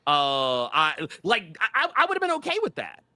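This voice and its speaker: A man's voice: fairly high pitch, wildly swooping pitch, normal speed, sharp tone, no echo. A man from Tennessee, co-hosting a casual movie discussion, swearing freely and acting out quotes. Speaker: podcast co-host.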